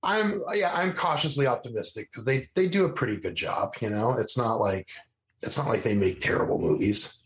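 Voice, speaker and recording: A man's voice: medium pitch, expressive, moderate pace. A man co-hosting a podcast, chatting casually and rambling with lots of restarts and laughter. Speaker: podcast co-host. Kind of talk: casual chat.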